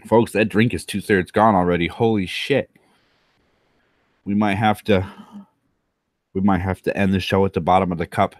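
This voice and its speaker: A man's voice: deep voice, steady tone, normal speed, pauses often, dry recording, clean studio sound. A tipsy man hosting his own channel, rambling through crude, self-mocking commentary as he drinks. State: tipsy from rum. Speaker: channel host.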